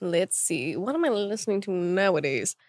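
A young woman chatting as a podcast guest, bubbly and quick to laugh, acting out quoted lines as she tells stories. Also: on the low side, very animated, dry recording, clean studio sound. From United States. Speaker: guest singer. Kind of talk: casual podcast chat.

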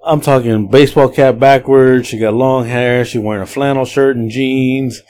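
A man hosting a podcast, casually telling a long, profane story in a rambling, animated way. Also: medium pitch, moderate pace. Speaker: podcast host.

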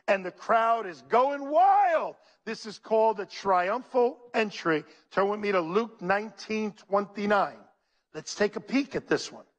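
A man preaching a sermon, calling out to his congregation and reading scripture aloud. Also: high voice. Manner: animated, preacherly, calls out to the congregation. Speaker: pastor.

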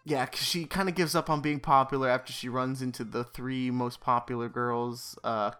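A podcast co-host casually recaps a movie, rambling with many fillers and dropping wry, sarcastic asides. His mid-range voice is steady, fairly bright, clear, and resonant at normal speed, with soft music in the background.

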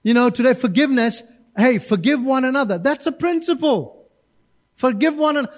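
A man with a strikingly high voice preaches to his church congregation. He is animated, dropping into quick acted-out voices and back to direct appeals. It is a lively, conversational sermon style. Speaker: pastor.

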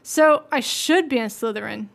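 A woman's voice: a little high, normal speed, vocal fry. Woman reading as an earnest young schoolboy wizard. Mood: anxious. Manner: earnest, a little anxious. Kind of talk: audiobook-style reading aloud.

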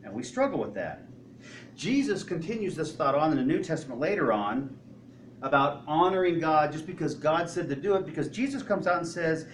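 A man's voice: a little high, sing-song, fairly quick, roomy sound, far from the mic, slight background noise, low-quality recording. A man preaching a sermon as a pastor. He asks the congregation questions and acts out quoted voices.

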